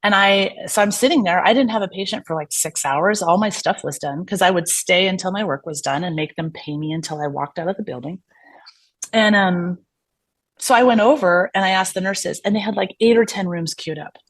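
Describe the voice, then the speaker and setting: A woman's voice: on the low side, brisk. A woman physician being interviewed on a podcast, chatting candidly and acting out the exchanges she retells. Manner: chatty, acts out quoted exchanges; frequent fillers and restarts, candid. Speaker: physician guest. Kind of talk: casual podcast storytelling.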